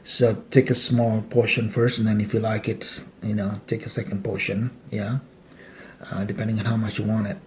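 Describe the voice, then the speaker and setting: A man from Malaysia, teaching cultural etiquette, leads a patient, joking, step-by-step eating demonstration at a dining table. His fairly low voice has a level tone and moderate pace, with a little hiss or hum in the recording.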